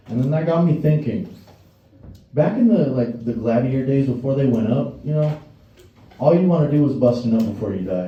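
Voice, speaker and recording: A man's voice: mid-range voice, normal speed, warm tone, dull audio. A male stand-up comedian doing a crude, rambling set and laughing at his own jokes. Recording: echoey room, distant mic, faint noise.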